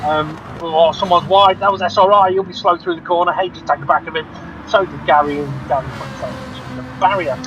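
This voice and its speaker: A man commentating a sim race, excitable, laughing often and jumping up at crashes. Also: a little high, a little fast, over music. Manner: excitable, laughs often, rises sharply at incidents. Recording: dull lo-fi audio with clear background noise.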